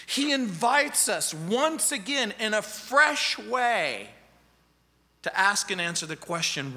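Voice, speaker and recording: Pastor guy preaching slow and emphatic, high bright voice, long echo in a church. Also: very animated. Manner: emphatic, repeats key phrases. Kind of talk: sermon.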